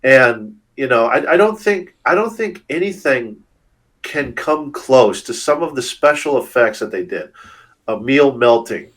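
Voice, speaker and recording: A man co-hosting a casual movie chat, excitable and nostalgic, swearing freely. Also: mid-range voice, a little slow. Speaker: movie review podcast co-host.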